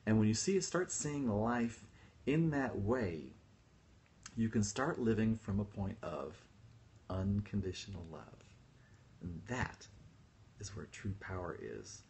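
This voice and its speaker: A man's voice: fairly low pitch, lively intonation, slow, pauses often, a little mellow, slight background noise. A man hosting a casual livestream talk as a spiritual teacher, chatty and self-deprecating, laughing often as he tells stories. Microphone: phone livestream.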